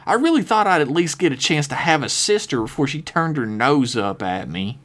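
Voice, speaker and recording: Cult sister, put on by a man: high and lilting, folksy drawl, sweetly unsettling, lively swoops in pitch. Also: moderate pace. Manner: folksy drawl, sweet-talking, says darling and ain't. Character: flirty cult-member woman, twin sister, drawling.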